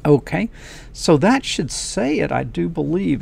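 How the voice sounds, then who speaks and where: Man with a gravelly voice, friendly coding teacher addressing viewers directly, casual and upbeat. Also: fairly high pitch, expressive, measured pace, darkish tone. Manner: folksy, enthusiastic, talks straight to viewers. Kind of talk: casual screen-recorded lesson.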